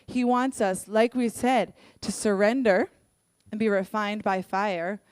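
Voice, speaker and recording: Young woman, church worship leader, sermon told through candid personal stories; clear, smooth voice; dry recording. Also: mid-range voice, unhurried, dry recording. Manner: earnest, candid storytelling with lively acted-out quotes.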